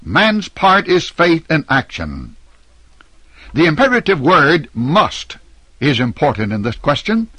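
A middle-aged man delivering a scripted sermon address as a radio preacher, in a measured, emphatic, declamatory way. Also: on the high side, huge pitch swings, bright, forceful tone, breathy edge, dry recording.

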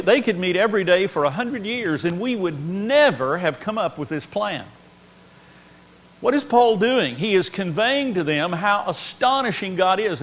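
Man, high voice, earnest Bible teacher, emphatic and repetitive. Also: fairly bright tone. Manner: earnest, emphatic, repeats key phrases. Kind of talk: Bible lesson.

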